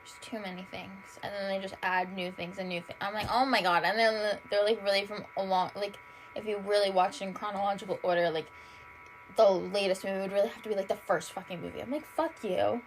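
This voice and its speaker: Quick and steady in tone at a medium pitch, a tired young woman runs a casual solo podcast. She rambles on, swears a lot, leans on "like" in almost every phrase, and gushes in a way she calls dramatic. The recording is low quality, with slight hiss or hum.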